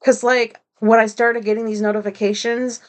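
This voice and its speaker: A woman talks through a loose solo podcast episode with a slightly high voice. She rambles from thought to thought, swears freely and pokes fun at herself. She sounds high on marijuana. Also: little pitch movement, normal speed. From United States. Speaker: podcast host. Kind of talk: casual solo podcast monologue.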